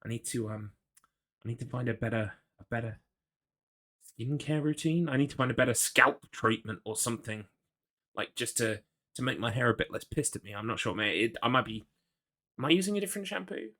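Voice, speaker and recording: A man's voice: medium pitch, fairly quick, pushed and bright. A man from the UK streaming a game, chatting casually and rambling, poking fun at himself and reading chat aloud. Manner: rambling, self-deprecating, reads chat aloud.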